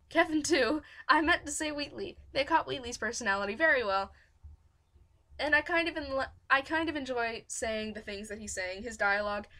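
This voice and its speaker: A woman's voice: a little high, pushed and bright. A woman hosting a fanfiction reading stream, giving rambling, self-deprecating casual commentary. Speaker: fanfiction audiobook reader and host.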